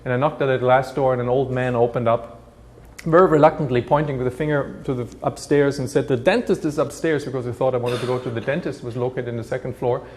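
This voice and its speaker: A man's voice: medium pitch, steady tone, fast talker, a little mellow, a little hiss or hum. A man from Germany with a German accent, telling his life story in an earnest, reflective way, often restarting his sentences. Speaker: guest recounting his life. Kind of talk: personal testimony.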